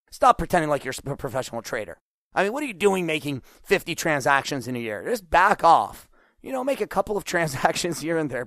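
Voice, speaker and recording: A man in middle age, host of a solo money podcast, with a fairly high voice. He talks with lively, animated energy, coaching his listeners directly. The sound is dry and close, with no room around it. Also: dry recording.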